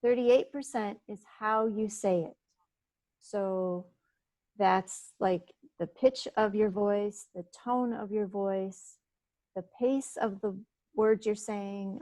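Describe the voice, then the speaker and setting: A woman gives a relaxed presentation to a business group, speaking in a plain, conversational way and often saying "you know." Her voice sits at an ordinary pitch. The sound is dry and close, with almost no room around it. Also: a little slow, dry recording, low-quality recording. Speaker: presenter at a business networking meeting. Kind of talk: informal presentation.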